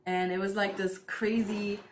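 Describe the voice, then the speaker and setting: A woman in her thirties from East Germany vlogs at home, chatting casually to the camera while tending her plants, with plenty of fillers and laughter. Her mid-range voice is flat and measured, with slight background noise.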